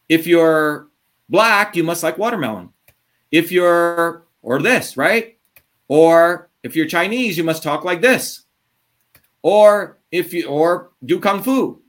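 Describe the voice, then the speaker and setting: A man ranting combatively in an interview, profane and heated, swinging between fast bursts and drawn-out words. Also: on the high side, fairly bright tone. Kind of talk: impassioned interview talk.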